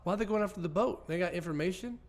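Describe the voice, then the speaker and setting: A man hosting a crude comedy podcast, telling stories loudly with lots of swearing and laughter. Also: high voice, racing. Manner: loud, profane storytelling, laughs often. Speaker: podcast host.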